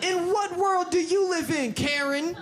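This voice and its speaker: A young man performing stand-up comedy in a club, telling an animated story and acting out characters. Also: very high-pitched, unhurried. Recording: live club with loud crowd laughter and noise.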